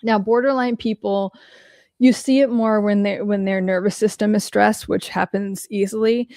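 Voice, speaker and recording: A woman's voice: mid-range voice, moderate pace, dry recording, clean studio sound. A woman hosting a podcast as a mental health coach, talking casually and bluntly, swearing freely and using lots of fillers. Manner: animated storytelling. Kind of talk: casual solo talk answering questions.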